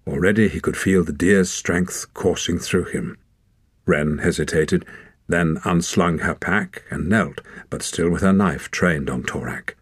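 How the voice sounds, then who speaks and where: A man reading a story aloud as audiobook narrator, in measured, even scripted narration. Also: sits low, breathy edge, dry recording, studio quality.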